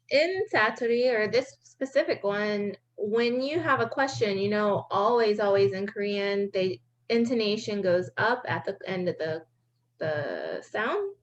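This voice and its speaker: A woman's voice: medium pitch, very animated, measured pace. A woman learner in an online language class who explains her point carefully and articulately. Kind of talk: class discussion. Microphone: video call. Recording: dull lo-fi video call audio.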